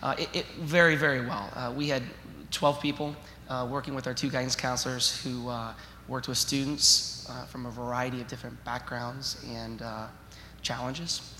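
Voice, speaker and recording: Hesitant principal speaking in a roomy church. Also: male voice, mid-range voice, little pitch movement, moderate pace, sharp tone, slight background noise. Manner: hesitant, many fillers and restarts. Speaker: school principal, guest speaker. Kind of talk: guest testimony at church. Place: church sanctuary. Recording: roomy echo with long hall reverb.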